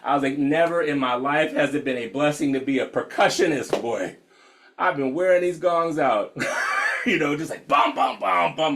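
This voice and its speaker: A young adult man from the United States leading an online meditation session, frank and profane, laughing often and calling listeners y'all. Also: fairly high pitch. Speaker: meditation teacher. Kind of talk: casual talk opening an online meditation session.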